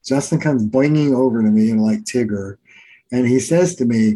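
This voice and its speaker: A man's voice: mid-range voice, moderate pace, rough recording. A middle-aged man from New Jersey, a therapist telling stories in a conversational interview. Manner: animated storyteller, acts out quotes. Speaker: therapist and author.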